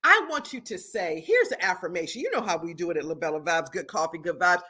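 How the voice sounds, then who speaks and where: A middle-aged Southern US woman hosts an upbeat livestream as a product founder, hyping her viewers, addressing them directly and repeating herself a lot. Her voice sits on the low side and is animated, bright and pushed with a breathy edge, and she talks fast with exuberant energy.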